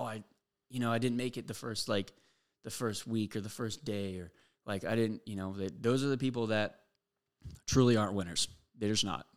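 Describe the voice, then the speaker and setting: A young man hosting a podcast, giving a blunt, profane motivational monologue full of fillers. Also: on the low side. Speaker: podcast host.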